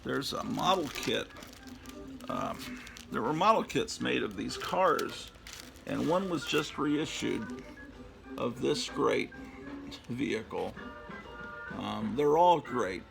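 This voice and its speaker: A man in his fifties reminisces through a casual show-and-tell monologue, filling pauses with "uh" and "um." His voice is deeply gravelly and unhurried, and sits at an ordinary pitch. Music plays clearly underneath. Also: animated, low-quality recording. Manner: rambling, reminiscing, many fillers. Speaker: comic book collector and host. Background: background music.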